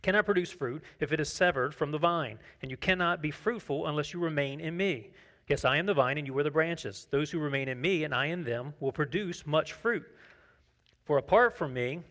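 Conversational pastor preaching. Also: male voice, a little high, fairly bright tone. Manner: conversational, asks the congregation questions; tells personal anecdotes, acts out dialogue. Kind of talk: sermon.

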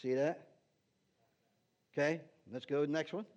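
A pastor delivers a sermon in a conversational, teaching manner, frequently checking in with "right?" and speaking to the slide operator between points. His voice sits on the high side, a little mellow, with fairly even intonation at a normal pace. The recording has a dull, lo-fi quality.

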